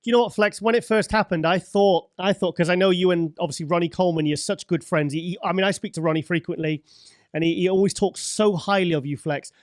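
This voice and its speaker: A man's voice: sits high, fast talker, no room sound, clean studio sound. A man hosting an interview, supportive and murmuring short acknowledgements while his guest talks. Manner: supportive, lots of murmured backchannel. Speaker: host.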